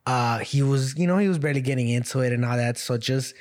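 A man chats as a guest in a loose, easy manner, full of slang and quick fillers. His voice sits at an ordinary middle pitch for a man, nothing forced or performed. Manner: relaxed slangy talk, often saying "you get me". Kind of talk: casual chat.

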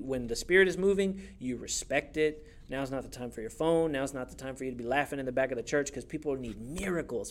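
A young man preaching a sermon in a church, conversational and animated, acting out quotes as he goes. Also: a little high. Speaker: youth pastor.

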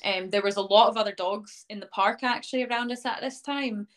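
At a brisk clip, a young woman with a medium-pitched voice tells her story in an interview. A dog owner, she chats away with frequent "um"s and "like"s and brings quoted remarks to life by acting them out.

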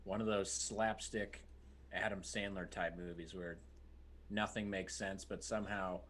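A man's voice: deep voice, steady tone, a little slow, a bit bright, a little hiss or hum. A man co-hosting a film podcast, joking with friends and telling stories in casual chat. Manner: joking, laughs often, storytelling. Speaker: podcast co-host.

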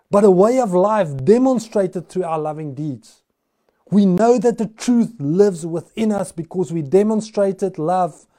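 A man preaches a sermon in a high, soft and mellow voice. He tells stories in an easy, conversational way and often restarts his phrases mid-thought. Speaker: pastor.

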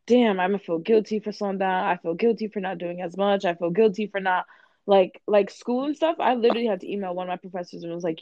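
A woman's voice: mid-range voice, quick pace, darkish tone, no room sound. Candid young woman, dull dry sound. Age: young adult. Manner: candid, profane, acts out conversations. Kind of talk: casual chat.

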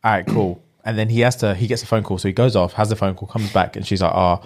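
A man's voice: fairly low pitch, fast. A young man, chatting casually as he retells a film plot in slang and acts out the characters' lines. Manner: animated storyteller with slang, acting out the lines.

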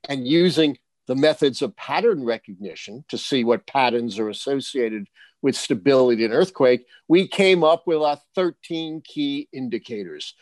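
An older man from the United States, a guest election forecaster, answering in a lively storytelling way with punchy asides. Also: medium pitch, no room sound.

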